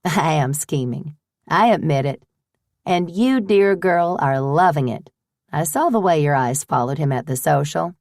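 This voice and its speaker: A woman voicing a shrewd older woman who runs a boarding house, brisk, firm and teasing. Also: sits low, expressive, darkish tone, dry recording, studio quality. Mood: playful.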